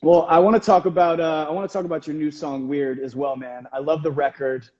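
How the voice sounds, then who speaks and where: A man's voice: fairly high pitch, fairly even intonation, brisk, a little mellow. Chatty male host, lo-fi livestream audio. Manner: friendly, leading questions, fillers. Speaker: radio host. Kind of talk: casual interview. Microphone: phone on a video call.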